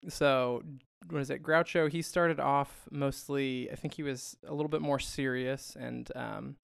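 A man co-hosting a film podcast, talking loosely and laughing as he goes. His voice has a gravelly, fry-edged texture. The sound is close and dry, with no room around it. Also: medium pitch, steady tone, a little slow, no room sound. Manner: chatty, laughs often, trails off with fillers. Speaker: podcast co-host. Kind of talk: casual chat.

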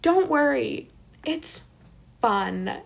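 A woman voicing her cousin, an easygoing young woman who calmly reassures and teases. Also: high-pitched, drawn-out words, vocal fry, pitched above the performer's own voice, exaggerated voice. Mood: reassuring. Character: teasing young woman cousin, calm and amused.

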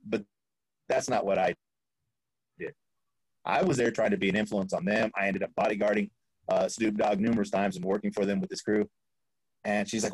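A man speaking as a podcast guest, telling a story in an animated way, acting out quoted voices and laughing often. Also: fairly low pitch, fairly quick, breathy edge, dry recording, low-quality recording. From Florida.

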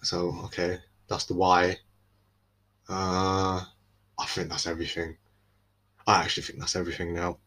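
Husky young East London man rambling. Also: low-pitched, little pitch movement, moderate pace, long pauses, a bit bright. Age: young adult. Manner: rambling, self-interrupting, laid-back slang. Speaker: podcast host. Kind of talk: solo casual chat.

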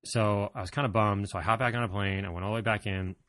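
A man's voice: fairly low pitch, steady tone, fast talker, a bit bright. A man telling a personal story to his viewers in a casual, rambling way, with plenty of fillers, self-corrections and self-deprecating humor. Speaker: vlogger.

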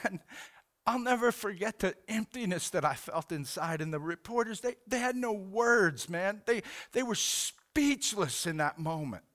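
A male pastor giving an earnest sermon, halting and repeating himself, often saying "man". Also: high voice, expressive, a bit bright.

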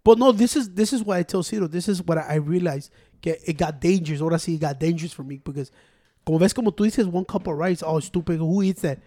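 Fast-talking man. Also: a little high, no room sound, clean studio sound. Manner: mixes Spanish and English, swears, gets loud and worked up. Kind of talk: casual chat.

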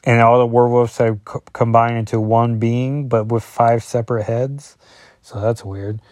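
Brief: man in his forties, rambling casual comic recap, plain mid pitch, dry close sound. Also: flat delivery, moderate pace, darkish tone, no room sound. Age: 40s. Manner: rambling, with fillers and asides. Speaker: comic book reviewer.

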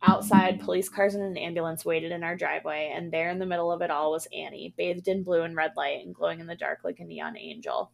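A woman podcast co-host reading a horror story aloud in a hushed, steady manner. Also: fairly low pitch, fairly quick, gravelly, few pauses.

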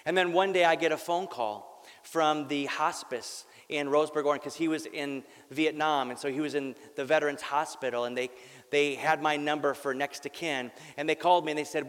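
Guy pastor giving a sermon, kinda high voice, candid and jokey, big echoey hall. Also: steady tone, fairly quick, a bit bright. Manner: earnest, candid, wry jokes, repeats words. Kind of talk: sermon with personal story. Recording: long reverb of a large hall.

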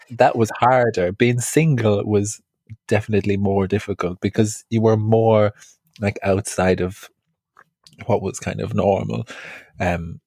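An Irish man telling a personal story in a relaxed, chatty way, laughing often as he talks. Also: lowish voice, no room sound, clean studio sound. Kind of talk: casual chat, personal storytelling.

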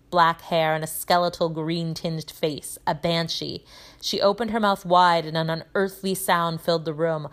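Reading a children's novel aloud in a fairly low voice, a woman teacher brings the story to life with lively narration and distinct voices for each character.

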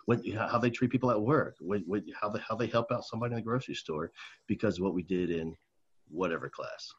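A husky man with a lowish voice tells stories in a loose, animated way, often repeating himself and calling people man or dude. He is an educator from New Jersey chatting casually. The recording sounds dull and lo-fi. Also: fast. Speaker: educator, guest. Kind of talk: casual podcast conversation.

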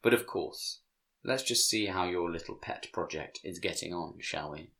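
Brief: suave menacing devil, hushed and silky, very deep, from a male narrator. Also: normal speed, vocal fry. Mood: silky menace.

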